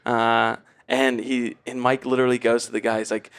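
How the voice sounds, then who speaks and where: A man co-hosting a casual podcast roundtable, telling an anecdote in an animated way. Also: medium pitch, normal speed, vocal fry, clear, resonant tone. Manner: animated storyteller. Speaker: podcast co-host.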